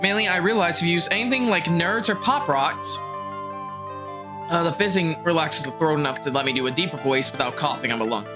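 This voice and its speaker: A woman's voice: deep voice, brisk. A woman streamer chatting casually and rambling through explanations between game scenes. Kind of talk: casual chat. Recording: music playing behind.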